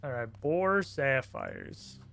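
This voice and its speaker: A man's voice: mid-range voice, wildly swooping pitch, takes it slowly, vocal fry, fairly bright tone, faint music behind. A man streaming a game live, thinking aloud in a brash, profane way. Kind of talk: live gameplay commentary.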